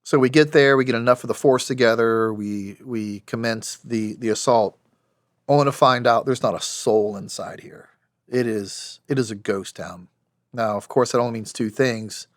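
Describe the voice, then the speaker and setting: Guesting on a podcast, an American ex-special operations soldier in his forties shares stories wryly and without fuss, restarting frequently. His mid-range voice goes at normal speed. There's no room sound, and the studio audio is clean.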